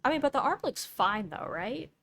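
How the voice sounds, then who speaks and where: A woman's voice: high voice, sing-song, normal speed, fairly bright tone, no echo. A young woman streamer chatting casually while she draws, thinking aloud and doubting herself as she goes. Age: young adult.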